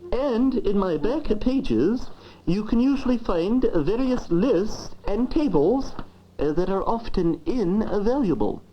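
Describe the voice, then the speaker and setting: Fussy professorial dictionary brought to life, voiced by a woman; slow, sing-song, lo-fi old educational film with soft music. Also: medium pitch, animated. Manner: fussy, grandiloquent, lecturing. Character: pompous, learned talking dictionary, a thing. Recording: dull lo-fi old film sound.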